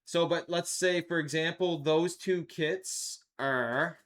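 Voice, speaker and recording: A man's voice: fairly high pitch, slow pace, fairly bright tone. A man hosting a live stream, chatting casually with his viewers and laughing often at a desk microphone. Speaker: livestream host.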